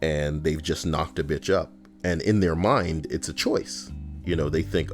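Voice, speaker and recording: Very deep-voiced male streamer, reads stories aloud, cuts in with blunt, foul-mouthed commentary. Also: steady tone, unhurried, soft background music. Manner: blunt, profane asides.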